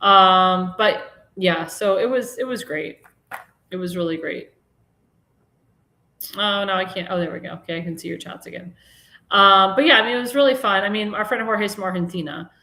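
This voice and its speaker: A woman's voice: mid-range voice, normal speed, bright, forceful tone. A woman hosting a live-stream talk show, chatting in a rambling, casual way and laughing at her own jokes. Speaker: host. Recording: echoey room.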